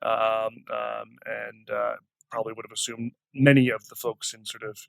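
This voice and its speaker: A man's voice: lowish voice, level tone, moderate pace, vocal fry, no echo. A man hosting a podcast, asking questions in a hesitant, thinking-aloud way full of fillers. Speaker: podcast host. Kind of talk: casual interview talk.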